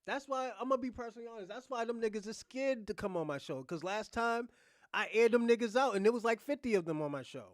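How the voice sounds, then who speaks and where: A man's voice: extremely high pitch, expressive, quick pace, no echo, studio quality. A man hosting a reaction livestream, ranting in a blunt, profane, rambling way. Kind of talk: casual livestream commentary.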